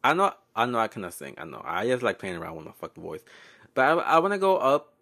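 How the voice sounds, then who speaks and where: Gravelly, lively young man podcasting. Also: lowish voice, fast. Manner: rambling, profane, laughs often, mixes in Spanish words. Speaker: podcast host. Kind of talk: casual solo podcast chat. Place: at home.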